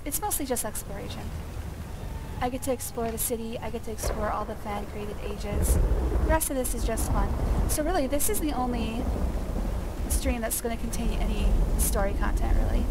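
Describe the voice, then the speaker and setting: Woman streamer, slightly high and gravelly, chatty let's-play talk; steady noise under the mic. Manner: chatty, explains as she plays. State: gravelly, phlegmy voice. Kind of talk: casual let's-play commentary. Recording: clear steady background noise.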